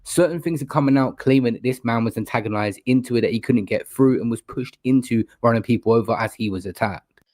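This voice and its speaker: A man narrating news updates in a quick, flat reporting manner. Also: medium pitch, no echo.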